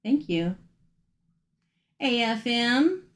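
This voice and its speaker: Speaking very slowly in a fairly high, very animated voice, a middle-aged woman leads a live-streamed tarot reading. She is chatty and emphatic and regularly checks in with viewers through "okay?" asides.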